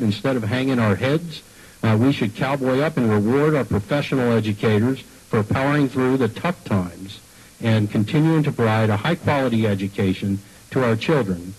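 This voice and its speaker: A man's voice: medium pitch, a little mellow, breathy edge, low-quality recording. A man reading a rallying, speech-like prepared statement to a state board about education funding.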